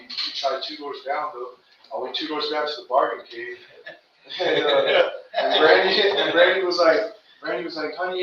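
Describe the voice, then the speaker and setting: Distant, echoey man giving earnest testimony. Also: on the high side. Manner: earnest, rambling, slangy with "bro" and "man". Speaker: recovery meeting speaker. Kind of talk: personal testimony. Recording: distant, echoey, muffled room recording with noise.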